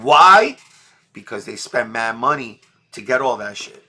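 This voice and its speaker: Middle-aged New man, bright forceful voice, blunt slangy livestream talk. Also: mid-range voice, expressive, unhurried. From New York. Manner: blunt, repetitive street slang. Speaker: livestream host. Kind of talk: emotional casual livestream talk.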